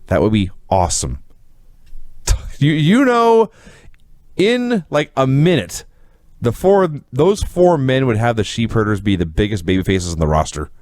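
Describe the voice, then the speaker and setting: Male podcast co-host, casual review chat, very lively pitch, dry close sound. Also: no room sound. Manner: animated storytelling, quoting others with put-on voices.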